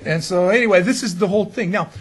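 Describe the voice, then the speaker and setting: A man, a pastor, preaching through an animated, self-mocking story full of restarts. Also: high-pitched, fast talker, husky. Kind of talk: storytelling sermon.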